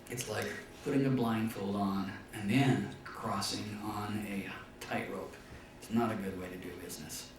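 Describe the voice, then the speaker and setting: A man teaching a business class, telling stories and acting out dialogue in a high voice for the punchlines. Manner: storytelling, acts out dialogue in a high voice. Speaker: business lecturer. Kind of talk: classroom business talk with anecdotes. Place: classroom or lecture hall. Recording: echoey room, far from the mic, faint noise.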